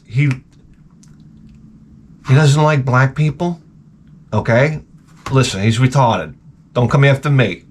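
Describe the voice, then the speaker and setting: A man rambling in a casual, profane rant full of dark jokes, as a gaming vlogger. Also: mid-range voice. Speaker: retro gaming YouTuber.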